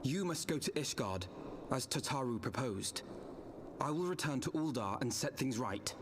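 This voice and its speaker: A man's voice: medium pitch, lively intonation, normal speed, noisy background, lightly acted. A man voicing a young, resolute game hero. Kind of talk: video game dialogue.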